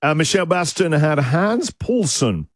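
A middle-aged male radio host chatting in a lively, up-and-down voice, quick to laugh at his own jokes. Music plays clearly beneath him in the studio. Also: a little high. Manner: jokey, laughs often. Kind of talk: casual breakfast radio chat.

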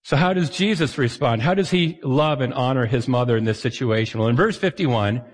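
Guy pastor preaching, chatty and animated, normal pitch, big echoey hall. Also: a little fast. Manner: conversational, animated, acts out quoted voices. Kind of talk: sermon. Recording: long hall reverb.

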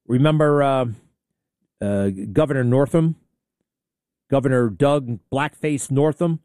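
A man runs an opinionated talk radio monologue, blunt and sarcastic, and often excitable. His voice sits at a middle pitch and sounds dry and close to the mic. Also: unhurried, clear, resonant tone, dry recording.

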